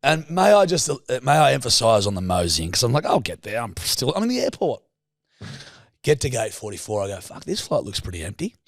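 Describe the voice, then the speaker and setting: A man's voice: fairly low pitch, gravelly. A young Australian man co-hosting a podcast, telling a story casually, swearing a lot and acting out the dialogue. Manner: swears freely, animated anecdote with quoted dialogue. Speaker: podcast co-host.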